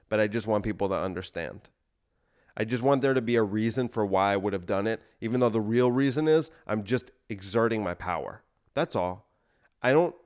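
A man hosting a podcast, delivering a deadpan comedic monologue of escalating absurd bits. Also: on the low side, smooth. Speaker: podcast host.

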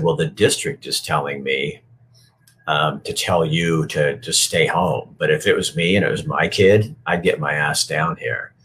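A middle-aged man, a former TV news reporter, telling a personal story in a halting, reflective way with many pauses. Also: extremely low pitch, bright, forceful tone, slightly rough.

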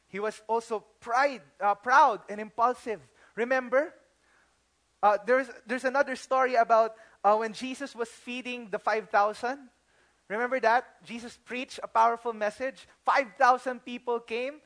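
Man, pastor, Filipino accent, very high voice, animated storytelling sermon, slips into Tagalog. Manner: animated storytelling, acting out quotes; mixes English with Tagalog phrases.

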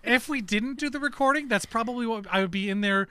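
Bright-voiced man telling a story. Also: very high voice, fast, smooth. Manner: animated, swears freely, acts out quotes. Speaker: podcast co-host. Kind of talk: casual chat, storytelling.

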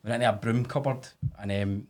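A man's voice: on the low side, fairly quick. A man with a Glaswegian accent hosting a podcast, telling sweary stories in casual chat. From Scotland. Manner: sweary, storytelling, animated when excited. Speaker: podcast host.

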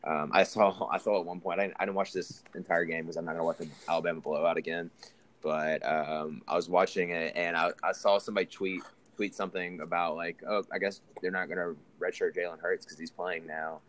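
A man's voice: low voice, little pitch movement, a little fast, a bit bright. A young man hosting a casual sports chat, rambling with many restarts and fillers. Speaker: podcast host.

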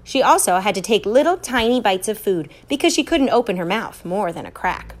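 A woman reading a children's story aloud in a lively, expressive way. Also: medium pitch, fairly quick. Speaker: reader.

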